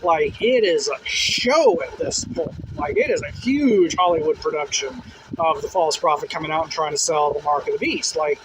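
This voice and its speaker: A man's voice: fairly high pitch, moderate pace. Rambling man recounting a dream, noisy background. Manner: rambling, full of "like" and "uh" fillers. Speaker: dream testimony teller. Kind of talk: casual first-person storytelling. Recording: steady noise behind, passing vehicles.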